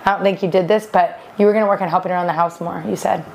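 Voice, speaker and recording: A woman's voice: lowish voice, steady tone, rapid-fire, creaky, a little hiss or hum. A woman co-hosting a casual podcast, talking frankly and teasing her co-host. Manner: frank and teasing, talks things through. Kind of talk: casual chat.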